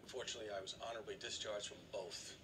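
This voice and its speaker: A man's voice: fairly low pitch, fairly even intonation, very fast, very noisy, lightly acted. An actor playing a cocky male airline captain who is full of himself and tells dry, naughty jokes, in a sitcom. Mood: smug. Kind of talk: sitcom acting.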